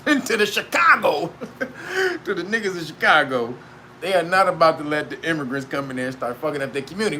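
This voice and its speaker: A man rants casually in a very high, bright voice. He is profane and animated and laughs often. Faint noise hums underneath. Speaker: commentator. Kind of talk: casual rant monologue.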